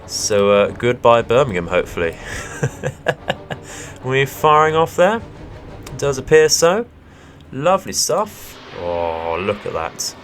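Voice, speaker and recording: Low-voiced Englishman narrating gameplay. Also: a bit bright. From England. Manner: chatty, hesitant with many fillers, bursts of delighted laughter. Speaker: let's play host. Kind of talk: casual gameplay commentary.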